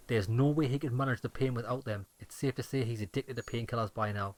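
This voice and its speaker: A man narrating game text aloud in a steady, plain reading voice. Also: mid-range voice, fast talker, hardly any pauses. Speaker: let's-play narrator.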